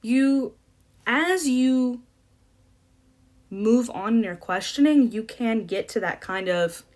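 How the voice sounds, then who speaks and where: A woman's voice: fairly high pitch, animated, slow, darkish tone. A young woman coaching debate, explaining in a casual, chatty way with many fillers and restarts. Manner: chatty, self-deprecating, lots of fillers and restarts.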